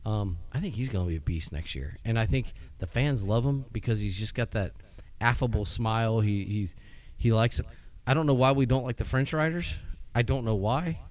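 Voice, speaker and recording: Guy rambling excitedly on a porch, regular pitch, casual podcast chat. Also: moderate pace, hardly any pauses. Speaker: podcast co-host.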